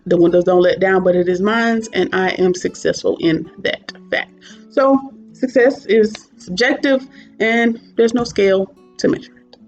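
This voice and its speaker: Woman vlogging to camera, chatty and real, muffled lo-fi sound with a little guitar playing under her. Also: medium pitch. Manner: candid and chatty, drifting off topic with asides. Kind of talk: casual talking-head reflection. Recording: dull lo-fi sound with soft guitar music behind.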